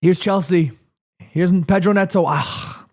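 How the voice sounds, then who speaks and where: Excitable man calling football live. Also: high-pitched, measured pace. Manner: excitable, chatty, talks straight to viewers with slang. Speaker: streamer hosting a football watchalong. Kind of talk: live play-by-play commentary and chat.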